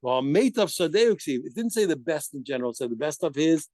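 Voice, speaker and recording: Animated man teaching a lesson. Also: on the high side, brisk. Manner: animated, asks rhetorical questions and answers them; corrects himself often. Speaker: Talmud teacher. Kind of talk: daf yomi study lesson.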